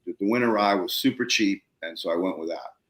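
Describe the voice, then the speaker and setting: A man hosting a podcast, telling a story in casual conversation, excitable and swearing casually, acting out quotes in a raised voice. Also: deep voice, fast, echoey room. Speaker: podcast host.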